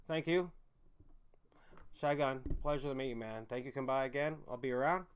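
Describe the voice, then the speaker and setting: A man hosting a casual livestream, rambling and swearing as he reads chat comments aloud, with loud outbursts that drop to low mutters. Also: normal speed, slight background noise. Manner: swings from loud emphatic bursts to low mumbles. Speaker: livestream host.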